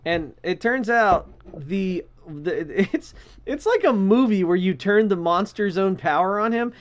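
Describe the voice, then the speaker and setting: A man's voice: sits high, expressive, measured pace. A man co-hosting a podcast in a casual, profane chat with dry sarcasm. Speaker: podcast co-host.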